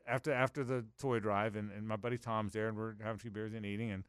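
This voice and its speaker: A man's voice: fairly low pitch, flat delivery, fast talker, smooth, dry recording, clean studio sound. A middle-aged man hosting a sports radio show, telling a rambling, self-mocking story with lots of restarts and laughter. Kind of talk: casual radio banter.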